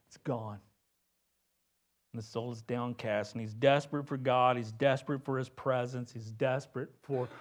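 A male pastor with a medium-pitched voice preaches conversationally, frequently asking "right?" His sermon swings between loud emphasis and hushed lines.

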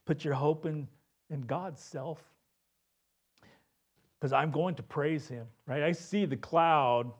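Guy preaching a sermon, talks like a normal chat, keeps asking right?, goes loud then real quiet. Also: a little high, slow pace, long pauses. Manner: conversational preaching, tag questions, swings from loud to hushed. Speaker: pastor.

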